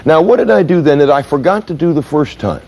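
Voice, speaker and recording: Animated man lecturing with dramatic flair. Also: fairly high pitch, quick pace, lo-fi sound. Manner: animated, dramatic storyteller, mimics voices and sounds. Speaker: seminar speaker. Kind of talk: lecture with acted examples.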